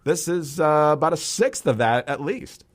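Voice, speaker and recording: A man co-hosting a political talk show, reading out figures in a relaxed way with frequent filler sounds. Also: on the high side, moderate pace. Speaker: podcast co-host. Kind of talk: casual political commentary.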